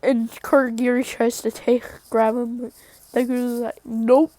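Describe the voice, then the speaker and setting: Brief: woman rambling through a fan story, slow and slightly high, dry close sound. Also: level tone, mellow, dry recording. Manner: rambling, self-correcting. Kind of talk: casual fan story retelling.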